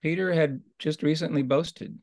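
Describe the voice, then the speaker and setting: A man's voice: on the high side, normal speed, gravelly, a little mellow, dry recording. A man teaching in a conversational Bible study discussion, thoughtful and explanatory, often restarting his sentences.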